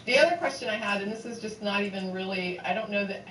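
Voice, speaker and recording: A woman's voice: medium pitch, quick pace, fairly bright tone. A woman co-hosting a call-in show, asking questions tentatively and hedging a lot. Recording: roomy distant mic with faint noise.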